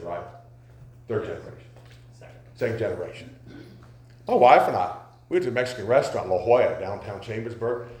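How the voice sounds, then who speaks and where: A man preaching a sermon, telling folksy stories and rising to loud, emphatic questions. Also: mid-range voice. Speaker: pastor. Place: church sanctuary. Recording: echoey church sanctuary.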